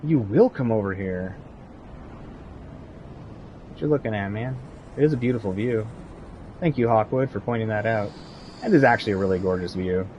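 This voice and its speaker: A man's voice: lowish voice, moderate pace, pauses often, darkish tone, dull audio, slight background noise. A young man streaming a video game, chatting casually with his viewers and cheering on his in-game companion. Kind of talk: casual gameplay commentary.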